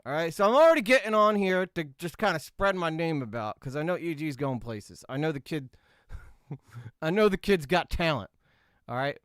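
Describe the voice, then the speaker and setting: A man's voice: medium pitch, clear, resonant tone, dry recording, studio quality, close to an everyday voice. A man doing a comedic impression of a cocky, boastful male drama-news YouTuber who rambles and keeps asking "all right?".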